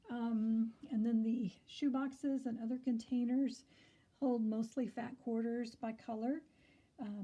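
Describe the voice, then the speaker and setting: A middle-aged woman walks through her sewing room in an easygoing, chatty way, often pausing on an um. Her voice is slightly high, with a mellow tone and a touch of hoarseness. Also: rough recording. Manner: relaxed and chatty, with frequent ums. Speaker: quilter giving a sewing room tour. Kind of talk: casual room tour.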